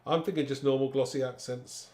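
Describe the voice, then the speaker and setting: A man's voice: medium pitch, fairly even intonation, fairly quick, a little mellow. A man hosting a live card-making demonstration, chatting to viewers as he works. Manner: chatty, talks to viewers while working. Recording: echoey room with faint background noise.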